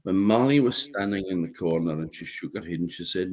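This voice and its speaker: Husky Orkney storyteller man. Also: low-pitched, brisk, few pauses. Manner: lively, animated. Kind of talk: folk tale telling.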